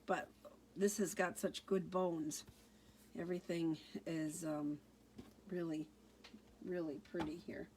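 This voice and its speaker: A woman's voice: on the low side, little pitch movement, takes it slowly, long pauses, a little mellow, slight background noise. A woman giving a casual card-making tutorial, chatting through each step as she works.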